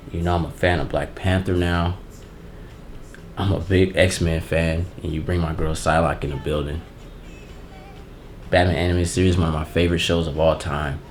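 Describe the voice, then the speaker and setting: A man hosting a casual unboxing vlog, giving heartfelt, emotional thanks in relaxed, slangy talk. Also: low-pitched, moderate pace, long pauses, a little hiss or hum. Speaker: channel host.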